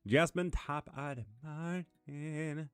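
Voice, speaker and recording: A man's voice: a little high, takes it slowly, a bit bright, clean tone, no echo. A man hosting a live tarot stream, chatting casually and bluntly as he answers viewers by name. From Sweden. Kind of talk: casual live-stream chat reading comments. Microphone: streaming mic.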